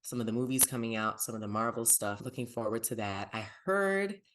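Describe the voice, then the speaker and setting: A man's voice: medium pitch, brisk, a bit bright, slight background noise. Upbeat male podcast host. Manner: upbeat, plugs socials, chatty pop culture talk. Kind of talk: casual podcast chat.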